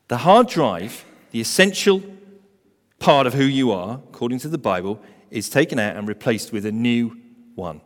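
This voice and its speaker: A man preaching a sermon as pastor, emphatic, building to loud stressed phrases. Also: mid-range voice. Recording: long hall reverb.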